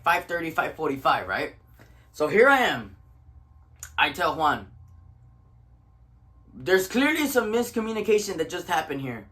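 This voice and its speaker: A man's voice: on the high side, sharp tone. A tired young man, telling a story in a casual, profane rant that switches between English and Spanish. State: tired from little sleep.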